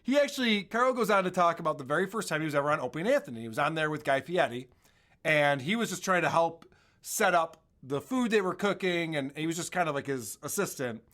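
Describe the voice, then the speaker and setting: A man's voice: fairly high pitch, animated, fast, sharp tone. A man co-hosting a podcast, casually commenting on radio clips with profane, mocking humor. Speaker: podcast co-host.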